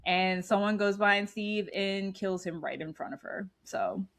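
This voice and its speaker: A woman's voice: medium pitch, fairly even intonation, normal speed. A woman in her thirties hosts a casual podcast chat. She retells scenes with animation and laughs often, keeping the tone loose and conversational. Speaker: podcast co-host. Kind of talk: casual movie recap chat.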